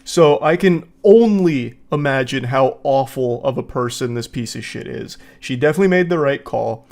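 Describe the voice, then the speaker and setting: A man's voice: medium pitch, expressive, normal speed, gravelly, darkish tone. A man doing reaction commentary as a show host. He reads text messages aloud and mocks them, sounding exasperated and profane.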